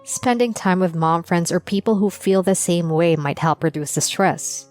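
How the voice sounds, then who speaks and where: A young adult woman narrating her own story as a mother, in a plain, steady confessional tone. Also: fairly low pitch, normal speed. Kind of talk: first-person storytelling. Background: faint music.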